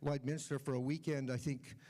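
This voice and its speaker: A man's voice: mid-range voice, fairly even intonation, dark tone. Man hosting a conference session. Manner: loose, halting remarks to the audience. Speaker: host.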